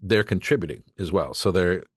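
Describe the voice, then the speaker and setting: A male voice actor guest with a low, husky voice speaks briskly in a casual podcast chat, rambling through work stories with restarts and performed quotes. The recording is dry and clean, with studio sound.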